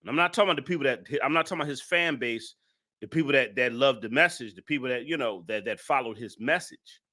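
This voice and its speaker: A man's voice: medium pitch, lively intonation, quick pace, pushed and bright. A man giving live-stream commentary, emphatic and repeating his points with indignant rhetorical questions.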